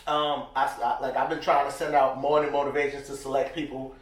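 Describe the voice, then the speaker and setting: Male co-host, casual and slangy, animated, recorded far from the mic in a roomy space. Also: mid-range voice, brisk. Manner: animated storyteller, slangy, acts out quotes. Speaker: podcast co-host. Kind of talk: casual chat. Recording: echoey room, distant mic.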